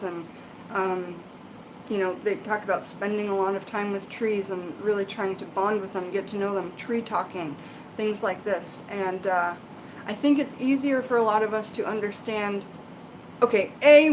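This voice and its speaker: A woman with a voice of ordinary, middle pitch hosts a casual live Q&A. She reads passages aloud, then wanders into chatty, rambling explanations full of ums and quick asides to viewers. A faint hum of noise sits under her voice. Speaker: herbalism channel host.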